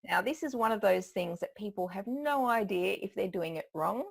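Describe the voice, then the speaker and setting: A woman coaches on public speaking in a relaxed, conversational way, breaking into laughs as she explains. Her voice has a gravelly, creaky edge, and her pitch sits in an ordinary middle range. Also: moderate pace. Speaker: public speaking trainer, guest. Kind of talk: conversational expert advice.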